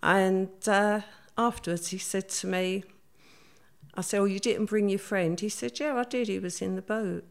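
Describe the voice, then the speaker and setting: An older woman recounts her past as a guest in a storytelling interview, chatting freely and performing others' quoted words. Her voice is medium-pitched and steady, at a measured pace.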